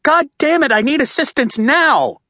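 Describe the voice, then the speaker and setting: A man's voice: very high-pitched, animated, normal speed, bright, forceful tone, no room sound, clean studio sound, pitched above the performer's own voice, exaggerated voice. A male narrator voicing a young female police officer giving firm, urgent orders.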